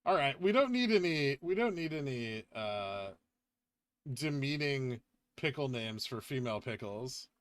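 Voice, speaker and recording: On a dry recording, a man with a medium-pitched, smooth voice and lively intonation speaks unhurriedly as he hosts a casual livestream. He reads viewer questions from the chat aloud, answers them, and mentions he's getting tired.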